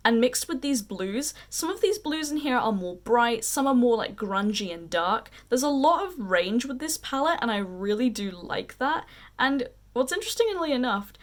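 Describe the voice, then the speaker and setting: A woman's voice: on the high side, big pitch swings. A young woman with an unusual mixed accent, chatting casually and gushing about makeup as a beauty vlogger. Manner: gushing, chatty, drawn-out emphasis. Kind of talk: casual chat.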